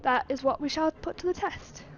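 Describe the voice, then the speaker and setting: Woman reading as a terse English gentleman. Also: high voice, moderate pace, lo-fi sound, a little hiss or hum, pitched above the performer's own voice, lightly acted. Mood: composed. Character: reserved English gentleman traveler, terse and calm. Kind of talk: reading game dialogue aloud.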